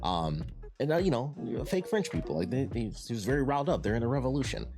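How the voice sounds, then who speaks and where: A man's voice: mid-range voice, animated, fast, over music. A young man from Detroit reviewing a TV show in a casual, rambling way, full of fillers and restarts. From Detroit, USA. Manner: rambling, repeats words and restarts, many fillers.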